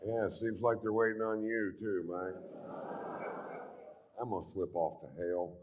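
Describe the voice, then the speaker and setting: A middle-aged man doing a stand-up comedy routine, telling crude stories in a dry, deadpan drawl. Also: lowish voice, unhurried, noisy background.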